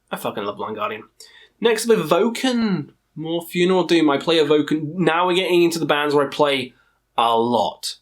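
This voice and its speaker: A man with a tired, strained throat talks excitedly through his favourite metal bands in a casual vlog, swearing often and rambling as he goes. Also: medium pitch. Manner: profane, enthusiastic, rambling. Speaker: metal music reviewer.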